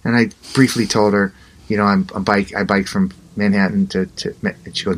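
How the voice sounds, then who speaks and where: A man's voice: on the low side, fairly quick. A middle-aged man, an interview guest, telling a personal story in a conversational way and acting out the dialogue with animation. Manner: animated, acts out both sides of dialogue.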